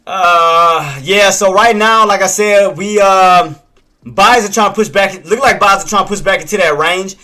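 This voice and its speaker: A man's voice: high voice, unhurried, pushed and bright. A male day trader streaming live commentary, talking straight to his chat and scolding himself with the same phrases over and over. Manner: self-critical, repeats himself, talks to chat by name.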